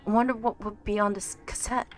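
A woman streamer thinking aloud while playing a game, chatty and given to quick exclamations. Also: medium pitch, fairly even intonation. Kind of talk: casual gameplay commentary.

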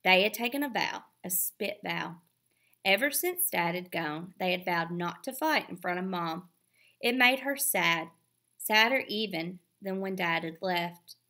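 Woman, storybook reading, expressive, bright. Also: fairly low pitch, measured pace. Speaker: reader. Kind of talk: reading a children's novel aloud.

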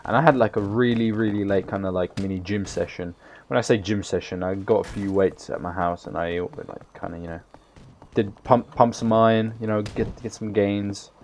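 A tired young man giving casual, rambling gameplay commentary, swearing freely with loud bursts of excitement. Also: lowish voice, normal speed, a little hiss or hum. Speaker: gaming YouTuber.

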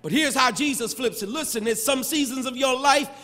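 A male pastor preaching a sermon, building into shouted, sing-song cadences with touches of humor. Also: very high-pitched, brisk, soft background music. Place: large church sanctuary. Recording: long church reverb.

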